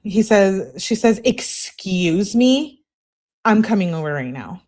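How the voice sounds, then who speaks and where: A woman's voice: mid-range voice, lively intonation, normal speed, darkish tone. A woman hosting her channel, reading text messages aloud in a casual way and adding blunt, profane asides while greeting viewers. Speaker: channel host reading case evidence.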